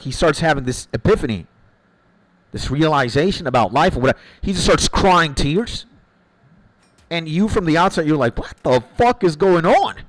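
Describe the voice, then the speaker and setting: Dude on stream just rambling to chat, says bro a lot, voice jumps all over, real dry close sound. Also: male voice, fairly high pitch, fairly bright tone, no echo, poor audio. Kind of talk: casual chat with viewers while gaming.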